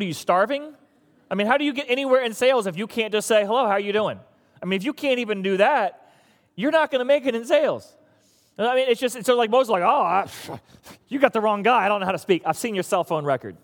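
A man's voice: high-pitched, long reverb tail. A man preaching a sermon to his church in a conversational, teasing way. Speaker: pastor.

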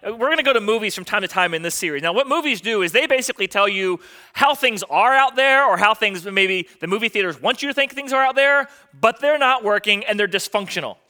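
A man's voice: sits high, sharp tone. A male pastor preaching a sermon, emphatic and repeating his key phrases for effect.

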